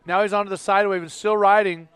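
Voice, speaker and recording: A man calling a live sports contest play-by-play, in an energetic, exclamatory way. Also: sits high, fast, clear, resonant tone, no room sound. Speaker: contest commentator.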